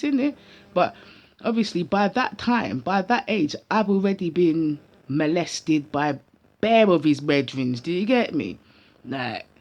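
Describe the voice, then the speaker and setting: A woman with a British accent full of London street slang, telling a personal story in an animated, casual vlog. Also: sits low, dull audio.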